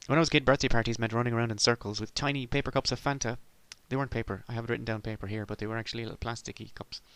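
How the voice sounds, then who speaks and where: A man's voice: mid-range voice, fairly even intonation, racing, a bit bright, smooth, no echo. A middle-aged man from Ireland delivering a sardonic, rambling comic monologue as a podcast host.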